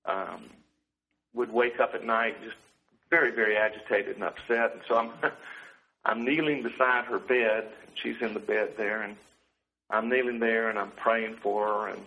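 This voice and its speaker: A man with a bright, forward voice shares a personal testimony. He speaks earnestly and often softly, with a heartfelt tone. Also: on the low side, steady tone, measured pace, rough recording. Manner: earnest, heartfelt, soft-spoken. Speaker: guest sharing a personal testimony.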